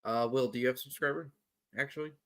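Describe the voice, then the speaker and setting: A man's voice: medium pitch, fairly even intonation, quick pace, fairly bright tone, no room sound, clean studio sound. A man player in a streamed tabletop game, chatting casually with hesitant asides. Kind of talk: casual chat.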